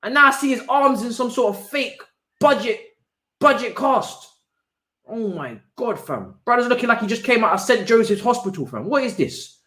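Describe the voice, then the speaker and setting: A man's voice: very high-pitched, expressive, moderate pace, sharp tone. A man hosting a live football watch-along, ranting in exasperated slang. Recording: roomy echo.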